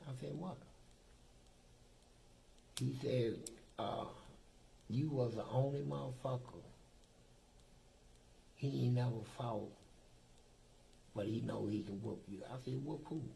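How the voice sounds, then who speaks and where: A man's voice: medium pitch, slow, vocal fry, long pauses, warm tone, slight background noise, rough recording. A man from Kentucky telling profane, streetwise stories in casual talk as an interview guest, acting out the dialogue. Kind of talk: casual storytelling.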